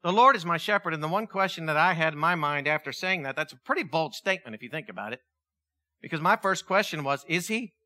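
A man preaching a sermon, animated, asking the congregation questions and acting out quotes. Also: a little high, fast talker. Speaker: pastor.

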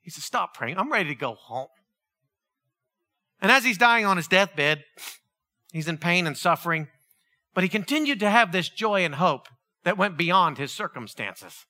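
A man delivers a sermon in a high, strikingly bright and forceful voice that rises and falls widely. He swings between loud, impassioned exclamations and quiet, earnest reflection. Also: lively intonation, moderate pace. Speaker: preacher.

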